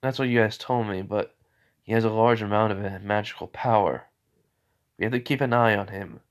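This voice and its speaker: A man's voice: fairly low pitch, moderate pace, natural voice. A man voicing a cheerful, teasing male sorcery teacher in a casual fan-made story. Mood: serious.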